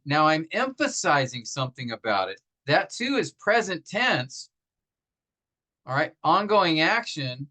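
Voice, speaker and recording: Bright-voiced man teaching a patient lesson. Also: fairly high pitch, rough recording. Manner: patient, explains step by step with rhetorical questions; many fillers and restarts, slows down to stress example phrases. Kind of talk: classroom grammar lesson.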